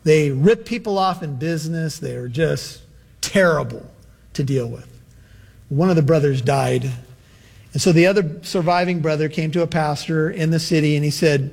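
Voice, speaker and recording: Man preaching a sermon, slightly high voice. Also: gravelly, a little mellow. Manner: earnest preaching, slowing for emphasis. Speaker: pastor.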